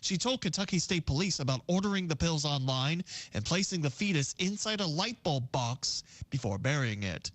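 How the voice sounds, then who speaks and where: A man reading a formal radio newscast in a steady, even manner from a studio. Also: on the high side, no echo. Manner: steady, formal news delivery. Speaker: news reader.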